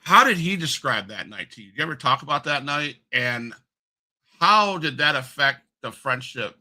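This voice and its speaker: A man's voice: mid-range voice, expressive, moderate pace, sharp tone, low-quality recording. A man hosting an interview, asking friendly questions and often restarting mid-sentence. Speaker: interview host.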